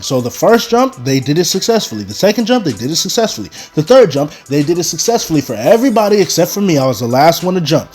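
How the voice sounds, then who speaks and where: A young man telling a personal story on his channel and talking straight to his viewers. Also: a little high. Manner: animated storyteller, talks straight to the audience. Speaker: vlogger. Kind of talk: casual storytime.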